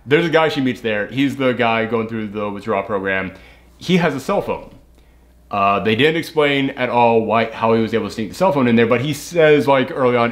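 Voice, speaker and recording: In casual chat, a man with an expressive mid-range voice reviews a movie at a slightly fast clip. He rambles, swears freely, keeps saying "like" and restarting, and acts out characters' lines in put-on voices.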